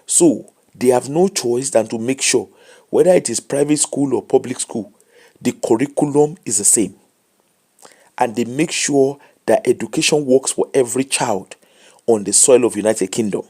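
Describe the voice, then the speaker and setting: A man's voice: mid-range voice, normal speed, a little mellow, husky. A tired man with a Nigerian accent hosting a late live show, giving casual commentary and advice in English mixed with Pidgin.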